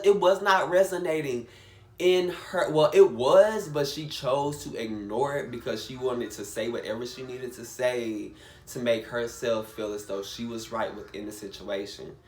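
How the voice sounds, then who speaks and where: Emphatic young man ranting in an echoey room. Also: mid-range voice. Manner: emphatic, swears, repeats himself. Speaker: vlogger. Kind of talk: casual storytime rant.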